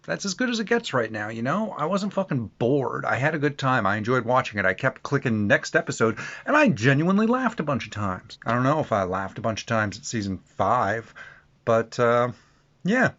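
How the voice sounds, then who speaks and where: A man delivers an animated, foul-mouthed review in a casual ranting style. His pitch sits in an ordinary middle range. The recording sounds slightly dull and lo-fi. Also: normal speed. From Canada. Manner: blunt, profane, animated. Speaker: video reviewer. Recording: muffled lo-fi audio.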